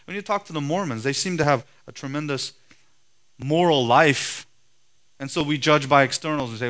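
A man preaching a sermon in a forceful, emphatic way, his voice swelling loud and then dropping low. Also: normal speed. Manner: forceful, emphatic preaching with sharp rises and drops in loudness.

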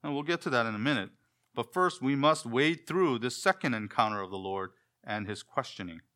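This man delivers an expository sermon, raising questions for the audience and then supplying the answers, with phrases that frequently trail off quietly. His mid-range voice carries lively intonation, and he talks a little fast.

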